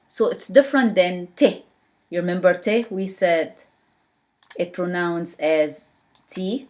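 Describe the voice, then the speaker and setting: Woman teacher, patient lesson, says each sound over and over, slightly low voice. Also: darkish tone. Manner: repeats sounds slowly and patiently, non-native English grammar. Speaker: Arabic teacher. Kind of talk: slow spoken language lesson.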